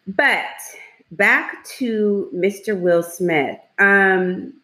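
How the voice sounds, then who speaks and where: A woman's voice: medium pitch, very slow, pushed and bright. A woman in her thirties co-hosting a radio talk show, chatting casually, laughing often and filling her talk with "like" and "you know". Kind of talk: casual chat. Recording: roomy echo.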